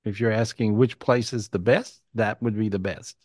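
A man's voice: on the low side, steady tone, moderate pace, darkish tone, dry recording, clean studio sound. A man hosting a live video call, giving chatty, reassuring psychic readings and often repeating himself. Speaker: psychic host.

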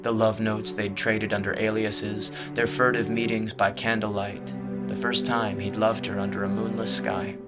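A fairly low-pitched male audiobook narrator reads a fantasy novel in a measured, expressive storytelling voice, with music playing underneath.

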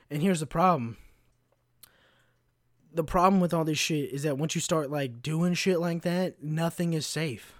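A man's voice: on the high side, dry recording, studio quality. A man hosting his own podcast, ranting in a casual, sarcastic and heavily profane way. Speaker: podcast host. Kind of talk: casual solo rant.

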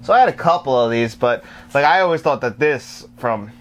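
A man's voice: medium pitch, fairly quick. Laughing, joking man co-hosting a chat. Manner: laughs often, animated and joking. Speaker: co-host of a physical media show. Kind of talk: casual chat.

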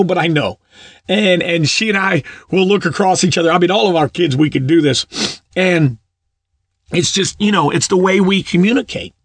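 A man's voice: fairly high pitch, dry recording, studio quality. A middle-aged man preaching in a casual storytelling way, often repeating his words. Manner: warm anecdotal, repeats words, laughs at own stories.

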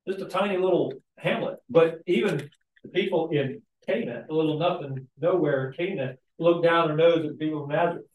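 A man teaching a Sunday school class in a conversational way, often checking in with the group with tag questions and lively asides. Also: a little high, fairly quick. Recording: echoey room, mic at a distance.

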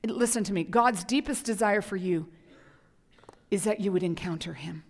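Woman pastor, passionate sermon delivery with whispered asides, mid-pitched, church hall echo. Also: normal speed. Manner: impassioned, swings from whispers to loud emphasis. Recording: hall reverb.

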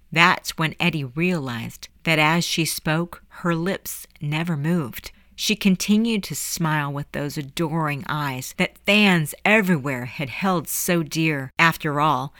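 A woman narrating a dark audiobook chapter dramatically and expressively. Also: low-pitched, no room sound. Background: faint background music.

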